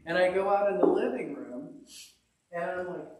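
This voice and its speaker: Guy preaching a chatty sermon, kinda high voice, echoey church, sounds a bit far from the mic. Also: normal speed, a loud crowd. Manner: folksy, self-deprecating, animated storyteller. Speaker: pastor. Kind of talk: conversational sermon with storytelling.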